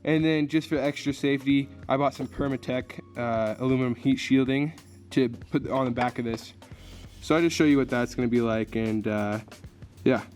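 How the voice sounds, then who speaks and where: A man's voice: mid-range voice, moderate pace. Young male DIY vlogger, easygoing, rambling delivery, mid-range voice, faint music underneath. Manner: relaxed, rambling, many fillers. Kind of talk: casual vlog narration.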